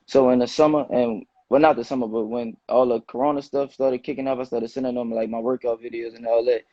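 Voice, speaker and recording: A young man in his late teens, a high school football player, answering interview questions in a relaxed, slangy way. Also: fast, dry recording. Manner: relaxed, loose slangy phrasing with many "you know"s. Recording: dull, muffled dry sound.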